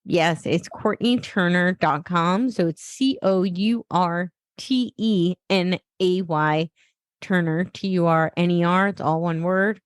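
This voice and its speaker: Casual, low-pitched woman guest. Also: slow, smooth, dry recording, clean studio sound. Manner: loose, searching phrasing with many fillers. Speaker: podcast guest. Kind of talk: casual interview talk.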